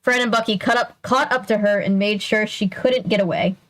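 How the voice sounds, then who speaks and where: A woman's voice: medium pitch, a little fast, a bit bright, poor audio. A young woman casually reading a children's mystery book aloud, breaking in with chatty asides.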